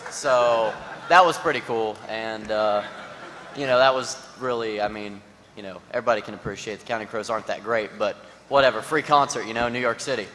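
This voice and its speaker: A man's voice: lowish voice, brisk, a bit bright. Man rambling through a story in a hall. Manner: casual, rambling, full of "you know" and "like". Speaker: panelist. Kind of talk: casual anecdote on a panel. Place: large conference hall. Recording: hall reverb with faint noise.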